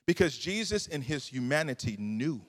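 A man's voice: medium pitch, big pitch swings, normal speed. A man preaching a sermon in a church, with a fervent, repetitive preaching cadence. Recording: long hall reverb.

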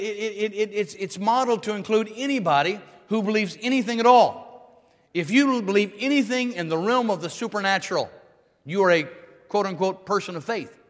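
A man's voice: sits high, moderate pace, long reverb tail. A man preaching a sermon emphatically, repeating phrases and restarting as he drives each point home. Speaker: pastor.

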